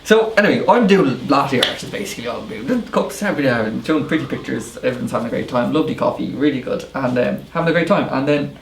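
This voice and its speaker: A man with an Irish accent, a barista co-hosting a casual podcast chat, telling emphatic, animated stories. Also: mid-range voice, fast talker, gravelly, hardly any pauses, echoey room, a little hiss or hum. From Ireland. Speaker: barista and co-host.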